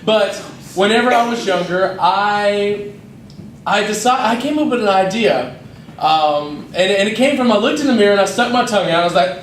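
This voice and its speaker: A young man, a youth minister telling lively, self-mocking stories to a youth service. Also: high voice, a little hiss or hum. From North Georgia, USA. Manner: lively, self-mocking storyteller who acts out scenes. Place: church hall. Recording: roomy hall, mic at a distance.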